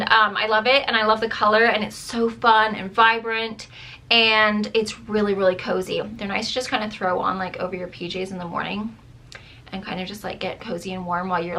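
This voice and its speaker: A woman's voice: mid-range voice, bright, forceful tone. A woman in her thirties, a mom vlogging in a rambling casual chat, with a dry throat. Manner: chatty, rambling, says "like" and "dude" a lot.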